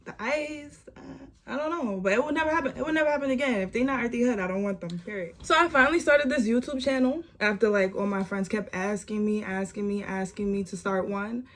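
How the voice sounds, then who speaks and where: A young woman, telling a storytime vlog story with animated repeats and lots of "like". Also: on the high side, a little fast. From New York. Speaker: vlogger.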